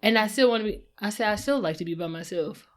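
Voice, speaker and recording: A woman's voice: mid-range voice, quick pace. A young woman co-hosting a podcast in casual chat, blunt and outspoken, cursing freely. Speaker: podcast co-host.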